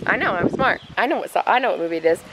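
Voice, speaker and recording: A woman's voice: medium pitch, lively intonation, rapid-fire. A young woman and mother chatting casually in a family vlog at home and in the backyard, playful and sing-song with her toddler. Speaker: vlogger, mother. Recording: noisy home video with breeze.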